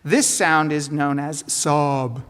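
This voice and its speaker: Woman lecturer, lower voice, explanatory with asides, echoing hall sound. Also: fairly even intonation, takes it slowly. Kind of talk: academic lecture. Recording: roomy hall reverb.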